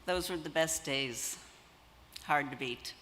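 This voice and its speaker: Slow, bright-voiced woman in her seventies. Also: low-pitched, slight background noise. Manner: measured, nervous, reading prepared remarks. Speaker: longtime family friend giving a eulogy. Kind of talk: memorial tribute. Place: church sanctuary. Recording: long church-hall reverb.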